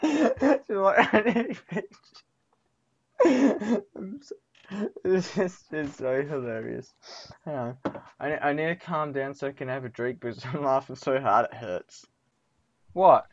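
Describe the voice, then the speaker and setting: A man's voice: medium pitch, moderate pace, slight background noise. A man chatting casually with a friend on a call, giggling and breaking into helpless laughter. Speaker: host. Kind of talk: casual chat over a call. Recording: dull lo-fi recording.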